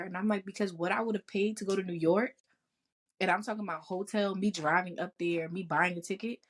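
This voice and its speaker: A woman's voice: mid-range voice, a little fast. A woman co-hosting a casual chat podcast, telling stories with frequent laughs and free swearing. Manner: laughs often, swears freely, animated storytelling. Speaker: podcast co-host.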